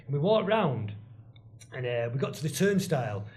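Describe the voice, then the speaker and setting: A man's voice: mid-range voice, very animated, moderate pace, darkish tone. A man, a guest telling rambling stories full of restarts and asides in casual chat. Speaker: guest, former band drummer.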